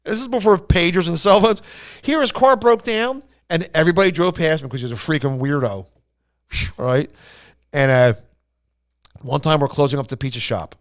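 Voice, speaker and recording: A man on a casual podcast, spinning a long anecdote. His voice sits a little high for a man, and he jumps into the voices of the people in his story as he goes. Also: fairly quick. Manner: animated storyteller, acts out quoted voices. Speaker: podcast host.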